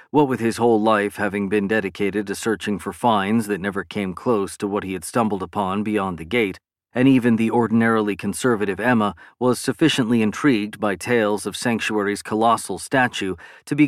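A man narrating a science fiction novel in a steady, measured reading. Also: fairly low pitch, no room sound, studio quality. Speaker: audiobook narrator. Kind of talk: scripted narration.

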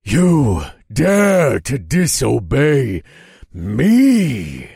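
A man voicing a towering, cruel male frost lord who growls slow, boastful threats. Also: medium pitch, huge pitch swings, creaky, warm tone, husky, no echo, clean studio sound, pitched above the performer's own voice, exaggerated voice. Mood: furious. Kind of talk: audiobook character voice.

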